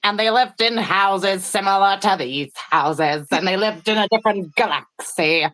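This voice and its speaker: A woman putting on an impression of a solemn older man who lectures slowly and grandly. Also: medium pitch, fairly bright tone, slight background noise, close to an everyday voice, low-quality recording. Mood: grandiose.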